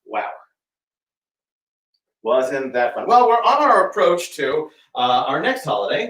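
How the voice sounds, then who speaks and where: A man doing comic magic show patter, chatty and halting with many fillers, over a video call. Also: mid-range voice, fairly bright tone. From United States. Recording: roomy sound, distant from the mic.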